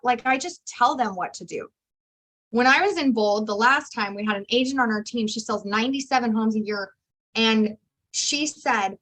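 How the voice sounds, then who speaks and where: Lady agent telling stories at a training, acts out all the convos, kinda high pitched. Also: normal speed. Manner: animated storyteller, acts out dialogue. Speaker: real estate agent.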